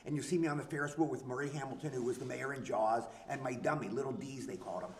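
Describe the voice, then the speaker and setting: An older man, an actor guest at a convention, telling stories in an animated way and acting out comic bits. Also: mid-range voice, quick pace, a little hiss or hum. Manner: animated, tells anecdotes and acts out bits. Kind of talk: convention interview storytelling. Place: convention hall, live stream. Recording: echoey room.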